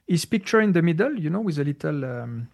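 Interviewee, male, gravelly voice pitched a bit high, halting storyteller with many fillers. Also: big pitch swings. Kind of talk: casual spiritual storytelling.

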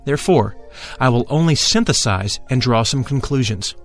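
A man reads a first-person memoir in a solemn, formal voice of middle pitch. His delivery is measured and emphatic, and he stretches some vowels into long intoned sounds. Soft music plays faintly underneath. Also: expressive. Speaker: audiobook narrator.

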